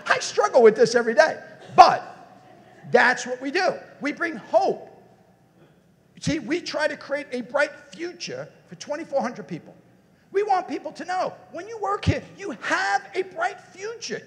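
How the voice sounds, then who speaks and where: A man with a high, expressive voice gives a motivational keynote at a conference, swinging widely in pitch as he talks. He keeps turning to the audience with direct questions. His voice carries a long reverb from the hall. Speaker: motivational speaker.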